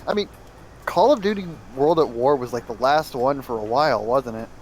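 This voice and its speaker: A man's voice: medium pitch, expressive, moderate pace, darkish tone, a little hiss or hum. A man chatting casually with friends while gaming, easygoing and joking. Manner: easygoing, joking, filler-heavy.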